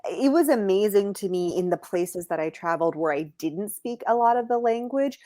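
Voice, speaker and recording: An American woman appears as a podcast guest, telling animated stories packed with fillers in casual conversation. Her medium-pitched voice moves at a moderate pace, captured in studio quality with no echo.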